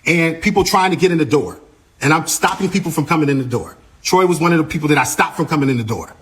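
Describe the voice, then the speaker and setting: A man working as a tour manager, telling what happened in a casual, animated way, often repeating himself and acting out what others said. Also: fairly high pitch, fast, a little hiss or hum. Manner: animated, repeats himself, acts out quoted voices. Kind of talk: casual storytelling account.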